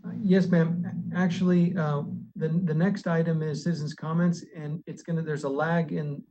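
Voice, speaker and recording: A man on city staff, explaining procedures and presenting to a board in a virtual public meeting, polite and halting with frequent restarts. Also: fairly high pitch, level tone, warm tone, poor audio.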